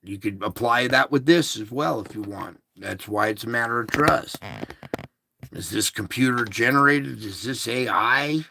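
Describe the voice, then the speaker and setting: A man's voice: medium pitch, a little slow, vocal fry, sharp tone, slight background noise. A man hosting an online show, talking in a casual, preachy monologue with emphatic rhetorical questions, recorded on a phone or laptop.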